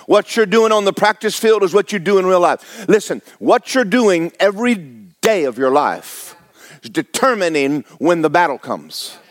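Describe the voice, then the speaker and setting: A man's voice: sits high, expressive, normal speed, dry recording. Man, pastor, blunt exhorting sermon, dry close sound. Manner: blunt, exhorting, rhetorical questions to the congregation.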